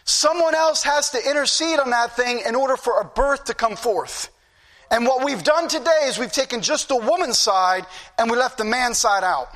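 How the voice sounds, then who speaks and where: Man, preacher, sermon, bright forceful tone, repeats phrases. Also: extremely high pitch.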